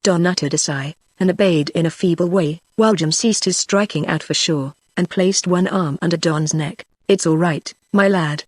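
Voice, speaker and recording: Synthetic woman narrator, lowish voice, dry close sound, even steady reading. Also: moderate pace, few pauses, no room sound. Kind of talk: text-to-speech audiobook narration.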